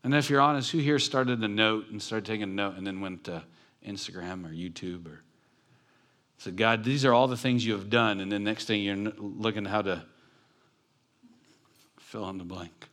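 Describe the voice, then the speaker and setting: Inside a church building, a pastor preaches a sermon in a conversational, joking way with his congregation. His voice is lowish and fairly bright, at a moderate pace with long pauses.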